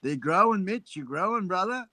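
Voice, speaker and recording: A loud, cheerful man with an Australian accent, his voice sitting a little high. He talks in bursts of slang and praise while chatting on a live panel stream. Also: lively intonation, normal speed, no echo. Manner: boisterous, slangy, effusive. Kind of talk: casual live-stream chat.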